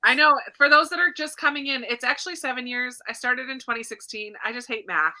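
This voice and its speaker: A woman's voice: sits high, a little fast, pushed and bright. A woman hosting a casual, chatty live stream over a video call, giggling between remarks. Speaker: booktube host.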